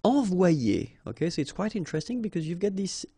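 A man's voice: sits high, very animated, a little fast, mellow, slightly rough, dry recording. A man with a French accent teaching French vocabulary, patiently spelling out sounds and repeating each word.

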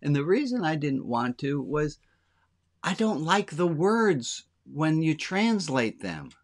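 A rabbi with a fairly high, sing-song voice gives his congregation an informal sermon. He speaks candidly, slowing down to stress the lines that matter.

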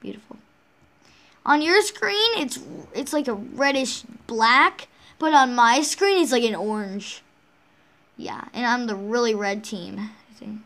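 A woman's voice: fairly high pitch, measured pace, creaky, a bit bright. A woman hosting a casual game walkthrough, rambling along with frequent restarts and self-corrections. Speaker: game channel host.

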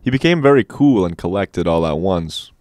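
Deep, measured male audiobook narrator with a wry touch; dry close-mic sound. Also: lively intonation, a little mellow, no room sound. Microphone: dynamic studio mic.

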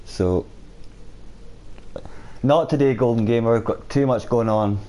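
Chatty male game streamer, mellow voice. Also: mid-range voice, unhurried. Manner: chatty, reads and answers viewer chat while playing. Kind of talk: casual live-stream chat over gameplay.

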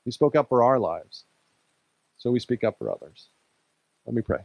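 A man's voice: mid-range voice, sing-song, normal speed, vocal fry, dry recording, highs cut off. A male pastor preaching a sermon in a conversational way, laughing lightly now and then.

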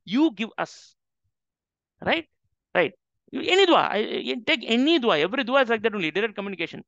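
A man's voice: very high voice, animated, fairly quick, vocal fry, a bit bright, no echo. A man teaching an interactive religious class, speaking emphatically and often checking in with his listeners. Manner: emphatic, keeps checking with "right?". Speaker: Islamic teacher. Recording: dull, dry lo-fi sound.

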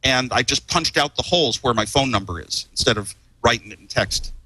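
A man's voice: mid-range voice, expressive, a little fast, pushed and bright, no room sound, low-quality recording. A man, a guest on a talk show, telling stories casually in a rambling way, chuckling and repeating words as he goes. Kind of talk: casual storytelling.

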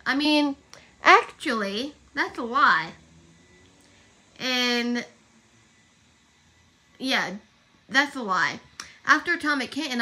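A woman's voice: on the high side, sharp tone. A young woman chatting casually on her livestream, rambling and correcting herself as she goes. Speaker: livestream host.

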